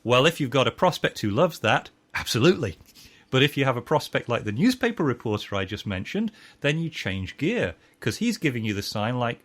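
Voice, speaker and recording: A man's voice: mid-range voice, very animated, fairly quick, a bit bright. Man explaining sales psychology with acted examples. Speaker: NLP trainer and guest expert. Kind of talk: conversational teaching.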